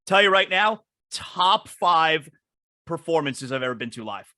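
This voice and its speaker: A man hosting a podcast in casual chat, talking in an enthusiastic, excitable way. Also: fairly high pitch, a little slow, no echo, clean studio sound. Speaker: podcast host.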